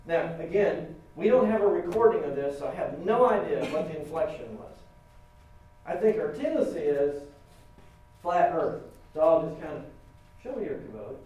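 A middle-aged man preaching a sermon, chatty and animated, acting out the quotes he reads with a wry touch. His voice is mellow and a little high, heard from a distance. It rings in a strongly echoey room over a faint background hum. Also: moderate pace. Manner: conversational, animated, acts out quotes with humor. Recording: roomy echo from off-mic, faint ambience.

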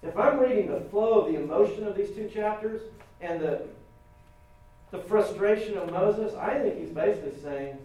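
A middle-aged man preaching a sermon, chatty and animated, acting out the quotes he reads with a wry touch. His voice is mellow and a little high, heard from a distance. It rings in a strongly echoey room over a faint background hum. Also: moderate pace. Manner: conversational, animated, acts out quotes with humor. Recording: roomy echo from off-mic, faint ambience.

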